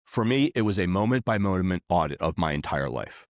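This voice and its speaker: Deep-voiced man talking casually. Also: animated, brisk, no room sound, studio quality. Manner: rambling, filler-heavy, earnest. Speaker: podcast guest. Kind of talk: casual conversation.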